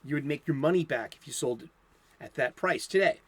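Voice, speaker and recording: Rambling, upbeat comic book host. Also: male voice, on the high side, expressive, a little fast, a little hiss or hum. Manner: rambling, enthusiastic, many restarts and fillers. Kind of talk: unscripted casual chat. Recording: lo-fi home recording.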